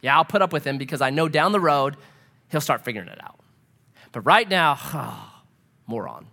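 An impatient, grudging God figure, exasperated and dismissive, as a male preacher puts him on. His voice is high and bright, and his pitch moves widely. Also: animated, brisk, big-room sound.

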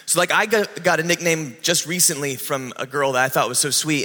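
A man in his thirties who leads a church's children's ministry, giving an animated talk to the congregation. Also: fairly high pitch, brisk. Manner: lively and animated, laughs often. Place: church sanctuary. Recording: long hall reverb.

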